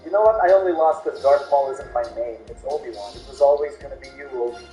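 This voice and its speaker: A young man commentating his own gameplay, excitable, joking and swearing at the game. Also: mid-range voice, quick pace. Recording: roomy echo, faint music behind.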